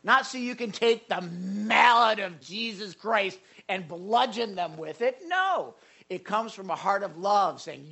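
A male pastor preaching a sermon in an animated way, repeating words and adding asides. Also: high-pitched, unhurried, vocal fry.

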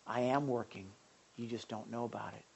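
Brief: preacher playing God, quiet, firm and unhurried. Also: fairly even intonation, vocal fry, slight background noise, close to an everyday voice, rough recording. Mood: calm stern. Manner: low, hushed, measured. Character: patient, stern God speaking calmly.

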